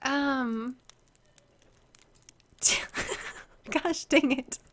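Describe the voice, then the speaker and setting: Young American woman streamer with a high voice and a slow, laughing, self-mocking way of talking. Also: a bit bright. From United States. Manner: giggly, flustered, self-deprecating. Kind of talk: casual live-stream chat.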